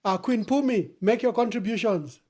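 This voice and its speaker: A man hosts a call-in show with a notably high voice. He greets each caller with quick, set phrases before handing over the floor. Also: a little mellow. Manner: brisk, formulaic caller prompts. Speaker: host. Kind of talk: talk show hosting calls.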